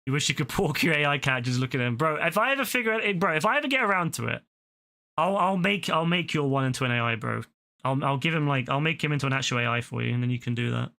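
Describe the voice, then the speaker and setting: A man's voice: on the high side, big pitch swings, fast, bright, forceful tone. A young man streaming casual reaction commentary, rambling with frequent stammered restarts and plenty of swearing.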